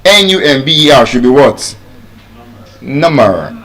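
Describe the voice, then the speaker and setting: A man's voice: fairly high pitch, expressive, fairly quick, fairly bright tone. A man with a Nigerian accent teaching English pronunciation, drilling words by repeating them. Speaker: pronunciation coach. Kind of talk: spoken English lesson.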